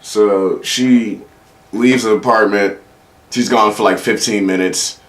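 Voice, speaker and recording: A young man with a fairly low voice telling stories in a loose, rambling way. He is a comedian talking alone on his podcast, swearing freely and acting out what people said. His delivery stays relaxed and conversational. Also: takes it slowly. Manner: profane, laid-back anecdotal delivery with quoted voices. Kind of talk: casual solo podcast storytelling.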